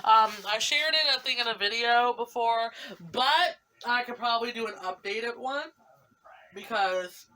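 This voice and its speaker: A woman's voice: on the high side, unhurried, bright, forceful tone. A young woman vlogging an unboxing in casual chat, giddy and gushing, with slangy fillers and frequent laughs and squeals. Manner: slangy, lots of fillers like "like" and "you know". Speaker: vlogger unboxing fan art.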